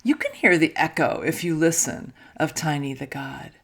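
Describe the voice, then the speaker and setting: A woman minister gently telling a children's story during a church service, soft-spoken and sometimes dropping to a hush. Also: low-pitched, big pitch swings, moderate pace, creaky, slightly rough. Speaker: intern minister.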